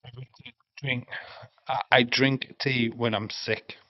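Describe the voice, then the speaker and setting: Slow and medium-pitched, with little pitch movement, his voice comes through a dry lo-fi home mic with no echo. He's an English livestream host chatting casually through a watch-along, reading out chat and swearing freely.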